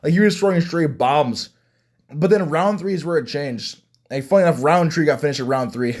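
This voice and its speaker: A young man giving casual fight reaction commentary, excitable and rambling, with many restarts. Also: a little high, fairly quick. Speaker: MMA fan reviewing fights.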